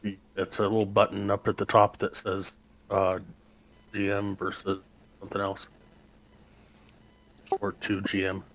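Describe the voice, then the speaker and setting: A man working as game master, describing scenes in a matter-of-fact, unhurried way over a voice chat mic. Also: low voice, completely flat delivery, a bit bright, low-quality recording. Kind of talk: narrating a tabletop game.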